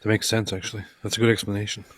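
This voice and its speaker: A man's voice: fairly low pitch, little pitch movement, racing, fairly bright tone, no room sound. A man co-hosting a casual live stream, reacting briefly and with amusement to his co-host.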